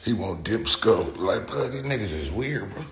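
A man's voice: on the low side, expressive, normal speed, vocal fry. Heated, profane man in his forties on a livestream. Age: 40s. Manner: profane, heated, talks back to chat comments. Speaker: livestream host. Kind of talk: casual livestream rant. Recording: echoey room with faint ambient noise.

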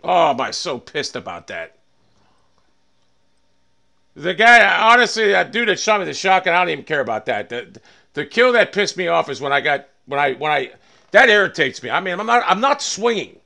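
Gravelly, agitated male game streamer. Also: sits high, lively intonation, fairly quick, bright, forceful tone. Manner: angry, ranting, swearing, muttering. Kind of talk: live game streaming commentary.

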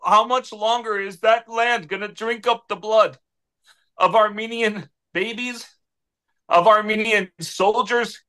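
An American man appears as an interview guest, a political adviser making an impassioned, preacher-like plea with repeated appeals to God. His voice is high, pushed and bright.

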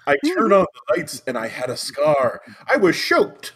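Man, husky voice, slow comic reading, lively pitch, keeps stumbling and laughing. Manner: stumbles over awkward phrasing, breaks into laughter. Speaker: podcast co-host reading a fan story aloud. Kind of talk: comedic dramatic reading.

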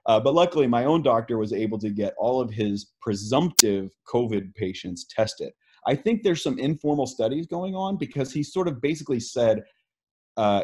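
A man's voice: mid-range voice, very animated, brisk, husky. A man, speaking as an interviewed scientist, explaining earnestly with many fillers and restarts. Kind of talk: video call interview.

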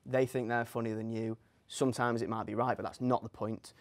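A man's voice: mid-range voice, level tone, a little fast. A man hosting a casual chat show, asking questions and reacting with short jokey remarks. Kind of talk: casual interview.

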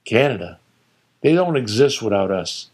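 A man's voice: fairly low pitch, very animated, moderate pace. A man voicing a blustering, combative older father who rants emphatically and scornfully, in a story he reads aloud. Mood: ranting. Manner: loud, emphatic, scornful ranting. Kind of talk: storytelling reading with character voices.

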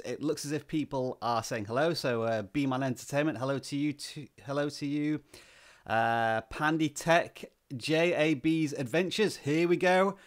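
A man hosting a live stream, greeting viewers by name and talking at a slow, relaxed, deliberate pace with plenty of "uh" fillers, into a desk microphone. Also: a little high. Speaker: livestream host. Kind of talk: live-stream chat, reading out viewer names.

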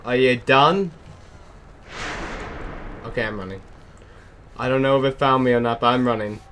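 A man's voice: medium pitch, fairly even intonation, moderate pace, fairly bright tone, a little hiss or hum, low-quality recording. Jittery man muttering over a game. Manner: jittery, nervous muttering and exclaiming. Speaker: let's play gamer. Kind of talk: gaming commentary.

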